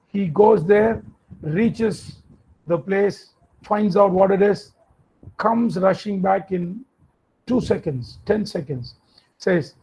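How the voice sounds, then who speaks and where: A man, a workshop instructor telling an anecdote in a lecture with lively asides. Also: sits high, slow pace, long pauses, husky, low-quality recording. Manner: animated anecdotal storytelling with asides. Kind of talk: lecture storytelling.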